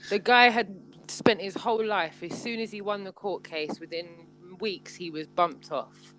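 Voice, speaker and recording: A woman in a casual panel discussion, animated, asking the group questions and repeating her points. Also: mid-range voice, measured pace, a little hiss or hum, rough recording.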